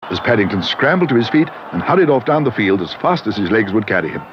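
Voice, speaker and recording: Storybook narrator: man, gentle and measured, on a dull, hissy old TV track. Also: on the low side, very animated. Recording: dull old TV soundtrack with hiss.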